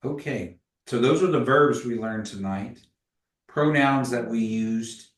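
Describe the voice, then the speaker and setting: A man's voice: mid-range voice, measured pace. A man teaching a language class in a casual way, patiently modeling pronunciation and telling stories. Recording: echoey room, voice from a distance.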